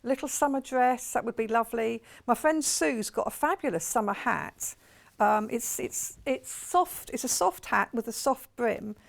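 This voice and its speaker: A woman's voice: fairly high pitch, lively intonation, a little slow, creaky. A woman with a Portsmouth accent presenting products live on a shopping channel in a television studio, chatty and rambling, gushing over what she shows. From England.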